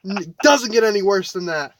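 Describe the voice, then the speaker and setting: A man co-hosting a casual sports podcast, blunt and quick to argue. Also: high-pitched, lively intonation, slight background noise. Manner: blunt, argumentative. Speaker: podcast co-host.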